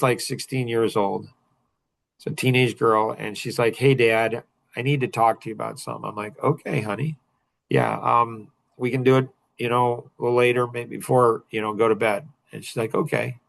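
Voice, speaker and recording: A man telling a rambling, emotional personal story on a podcast, getting louder and higher when he makes a point. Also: vocal fry. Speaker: podcast guest.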